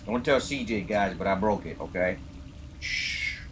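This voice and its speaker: Speaking low at a measured pace, with a slightly bright tone, this man live-streams a game from his home gaming chair. He chats casually, curses, and ribs his viewers with hyped energy over a noisy background.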